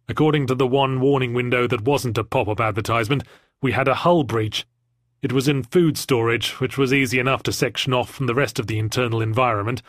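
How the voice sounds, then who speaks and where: A man's voice: medium pitch, no echo. A man narrating an audiobook in the first person with a dry, wry storytelling manner.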